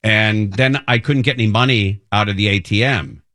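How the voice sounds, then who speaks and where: A middle-aged man hosting a talk radio show, telling a rambling, self-deprecating story in an animated way. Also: on the low side, normal speed, dry recording, clean studio sound. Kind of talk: casual monologue storytelling. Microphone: studio microphone.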